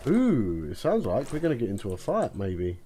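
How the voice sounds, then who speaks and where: A man's voice: medium pitch, wildly swooping pitch, moderate pace, dark tone, slightly rough. A man commenting on a game, chatty and muttering to himself. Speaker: gaming video host. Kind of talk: let's play commentary.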